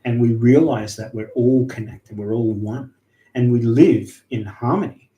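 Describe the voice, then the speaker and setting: A man's voice: mid-range voice, measured pace, mellow, lo-fi sound, lightly acted. A man voicing a weary old grandpa gum tree. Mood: solemn. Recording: roomy echo.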